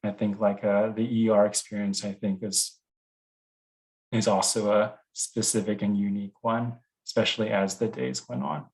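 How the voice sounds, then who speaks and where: A man's voice: fairly low pitch, level tone, normal speed, darkish tone, poor audio. A man, a veterinary resident, answering on a panel in a hesitant way with many fillers. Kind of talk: panel discussion.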